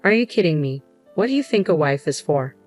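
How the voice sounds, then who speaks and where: Stern older father-in-law, read by a woman, firm, commanding, low voice, faint music. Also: sing-song, fairly quick.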